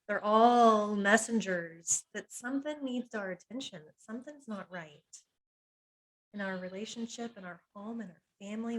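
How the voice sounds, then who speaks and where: With a medium-pitched, fairly bright voice on a low-quality recording, a woman hypnotherapist teaches a personal masterclass on emotional pain. Earnest and confiding, she draws on her own life, naming painful feelings one at a time in short, weighted phrases, small laughs slipping between her words.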